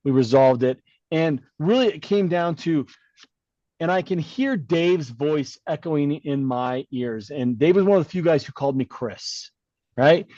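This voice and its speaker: Animated middle-aged man telling a story. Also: on the high side, unhurried, no room sound, dull audio. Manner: animated storyteller who acts out quoted dialogue; blunt, swears casually. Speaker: podcast co-host. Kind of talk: casual storytelling chat.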